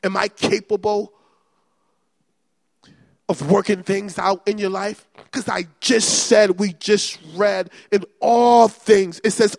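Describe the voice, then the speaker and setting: A male pastor preaching a fervent, repetitive sermon that builds to shouting. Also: high voice, flat delivery, takes it slowly, vocal fry, no room sound, studio quality.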